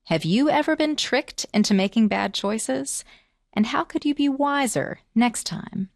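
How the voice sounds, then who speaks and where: Expressive woman reading children's tales. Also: fairly high pitch, a little slow, vocal fry, no echo, studio quality. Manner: expressive, asking listeners questions. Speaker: storyteller teacher. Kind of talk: children's story reading and lesson.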